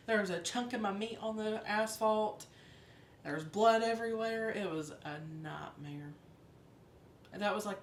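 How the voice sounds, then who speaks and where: A woman co-hosting a podcast, telling self-mocking stories in casual chat. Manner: animated storyteller, self-mocking. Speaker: podcast co-host. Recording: echoey room, faint rumble.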